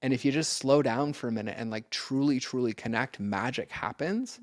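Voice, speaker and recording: A man speaking as a podcast guest in an earnest, conversational way. He acts out exchanges with bursts of energy, and his voice sits at a middling pitch. The sound is dry and close, with no room around it. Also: moderate pace, dry recording. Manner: earnest, animated when acting out exchanges. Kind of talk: casual conversation.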